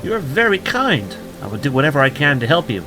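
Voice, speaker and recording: A man reading the lines of a female nymph who guards a tree, in a flat, tired voice, as he plays a video game. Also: a little high, quick pace, over music. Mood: apologetic.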